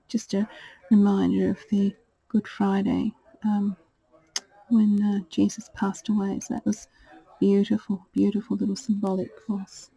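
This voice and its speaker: A woman presenting her craft purchases in a casual show-and-tell, talking in a gentle, gushing way. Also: mid-range voice, completely flat delivery, measured pace, creaky, husky, rough recording. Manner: gentle and gushing, fond of "little".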